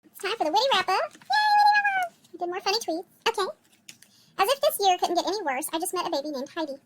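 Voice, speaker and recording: A woman's voice: extremely high pitch, racing. A woman podcast host reading funny tweets aloud in a casual chat, giggling and swearing freely. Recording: loud background noise.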